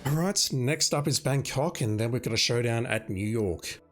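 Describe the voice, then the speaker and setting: A man streaming a video game, hoarse and losing his voice, planning his moves aloud as he plays. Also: mid-range voice, lively intonation, moderate pace, a bit bright, faint music behind. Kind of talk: gaming commentary.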